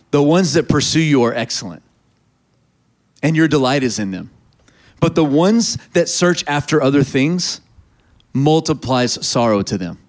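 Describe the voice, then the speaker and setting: A man preaching a sermon, reading scripture aloud and urging the congregation to respond. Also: on the high side. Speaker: pastor.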